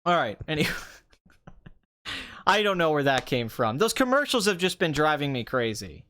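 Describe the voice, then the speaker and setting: A man's voice: a little high, sing-song, moderate pace, pushed and bright, a little hiss or hum. A young man hosting a casual movie review talk, ranting sarcastically with mocking asides. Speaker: movie review podcast host.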